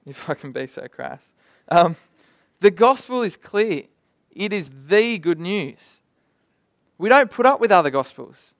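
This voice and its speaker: Lively man preaching a sermon. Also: high-pitched, no room sound. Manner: lively, conversational preaching with vivid asides.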